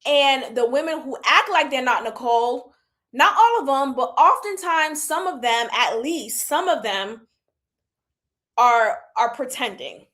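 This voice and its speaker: A woman in her thirties giving candid, animated commentary on a reality show and laughing often. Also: high voice. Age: 30s. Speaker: reality TV reviewer. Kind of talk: casual commentary.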